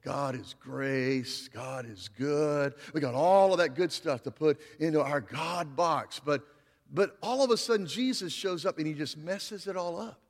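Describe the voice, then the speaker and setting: A male pastor preaching a sermon, swinging between loud, emphatic passages and quiet, slow emphasis. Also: fairly high pitch, in a large hall.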